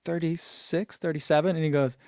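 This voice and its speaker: A chatty man in his forties with a fairly high voice, talking casually on a live stream and laughing often as he reads out comments. The sound is dry and close, with no room echo. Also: fairly even intonation, a little fast, darkish tone, clean tone. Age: 40s. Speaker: running channel host.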